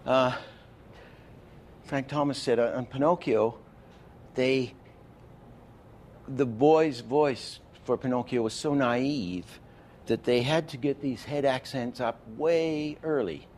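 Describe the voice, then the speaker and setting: A man's voice: mid-range voice, slow, darkish tone, a little hiss or hum. A man giving an animation masterclass lecture, explaining with false starts and counting frames aloud. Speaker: animation teacher.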